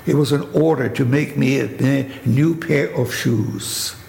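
Gravelly older man with a German accent. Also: mid-range voice, unhurried, a little mellow. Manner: vivid storytelling, acts out quoted voices, rhetorical questions. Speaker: Holocaust survivor telling his story. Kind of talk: spoken testimony. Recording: echoey hall with faint noise.

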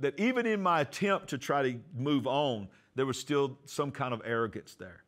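A man pastor giving a testimony sermon, storytelling and acting out the dialogue, going soft and quiet for prayers. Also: mid-range voice, expressive, moderate pace, few pauses. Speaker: pastor and TV host.

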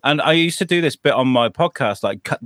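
A man hosting a podcast in casual chat, chatty and quick to laugh. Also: medium pitch, lively intonation, a bit bright, dry recording, clean studio sound. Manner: chatty, laughs often, many restarts. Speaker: podcast host.

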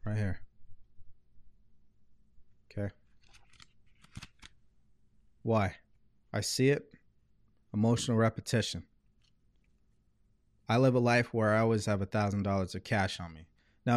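A man hosting a live motivational talk, earnest in manner, slowly repeating gratitude affirmations. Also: lowish voice, no echo, studio quality. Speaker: motivational host. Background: loud relaxing music.

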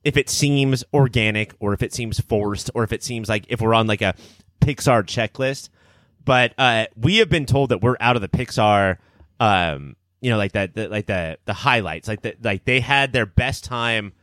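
A man's voice: on the low side, moderate pace, a bit bright, dry recording, clean studio sound. A man hosting a casual movie podcast, boisterous and theatrical, swearing freely as he riffs. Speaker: podcast host.

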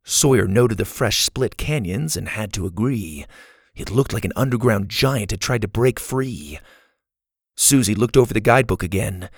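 A man's voice: lowish voice, moderate pace, creaky, breathy edge, dry recording, studio quality. A man narrating a children's storybook aloud, expressively.

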